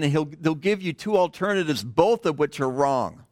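A man's voice: on the high side, very animated, brisk, dry recording. Digressive middle-aged man preaching. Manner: digressive, drops to a hush at phrase ends. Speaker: pastor. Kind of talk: conversational sermon. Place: church.

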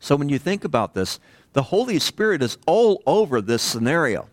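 A man preaching a sermon in a conversational way, pausing often and asking the congregation rhetorical questions. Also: on the high side, very animated, no echo. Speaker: pastor.

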